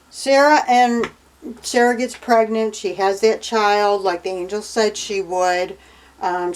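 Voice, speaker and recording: A young woman vlogs about her Bible reading, giving casual commentary as she retells the stories with sarcasm and indignation. Her voice is mid-range, and the audio quality is poor.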